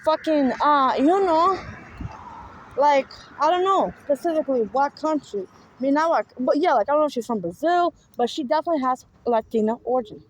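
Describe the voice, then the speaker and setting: Sitting in a car, a woman with a New York accent delivers a repetitive, profanity-laced, meandering monologue to her viewers as a spiritual vlogger. Her high-pitched voice is animated and fairly quick, and the audio quality is poor.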